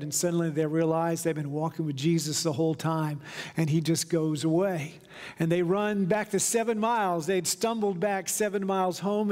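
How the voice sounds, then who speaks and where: A man preaching from the pulpit, telling stories and now and then slowing down for emphasis. His voice sits high, and the church hall around him carries a long reverb. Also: darkish tone. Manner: storytelling preacher, slows down for emphasis. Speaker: pastor. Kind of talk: sermon. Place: church sanctuary.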